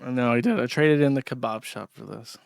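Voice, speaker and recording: A man's voice: mid-range voice, fairly quick, gravelly, no echo, clean studio sound. A man hosting a livestream from home, rambling and swearing casually, easily exasperated. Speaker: show host. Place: home in a trailer park.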